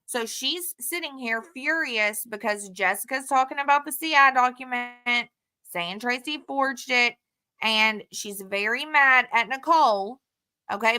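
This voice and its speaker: A woman's voice: high voice, normal speed, sharp tone. A woman talking to camera in a frustrated, heated way, swearing often while walking through text messages. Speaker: vlogger. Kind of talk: casual talk to camera, reading out text messages.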